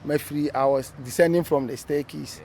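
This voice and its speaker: A man's voice: on the high side, fairly even intonation, moderate pace, gravelly, darkish tone, slight background noise. A Ghanaian man, a former referee, being interviewed, telling his story animatedly in a casual mix of English and Twi.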